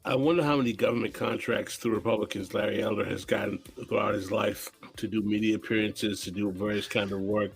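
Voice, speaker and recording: A man's voice: lowish voice, steady tone, a little fast, vocal fry, hardly any pauses, soft background music. Man hosting a podcast, firing questions. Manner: leads the talk by asking pointed questions. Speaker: podcast host. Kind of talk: casual discussion.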